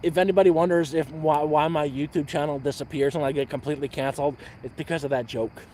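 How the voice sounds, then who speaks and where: A man telling a dirty joke on a livestream at an outdoor campfire, rambling and repeating words, with loud sound effects. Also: a little high, fairly even intonation, fast, slight background noise. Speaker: livestream host.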